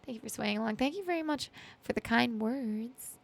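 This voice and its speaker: A woman from Canada chatting with her live stream viewers, giggly and chatty with lots of ums and quick thank-yous. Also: on the high side, lively intonation, vocal fry, dry recording. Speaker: streamer and musician.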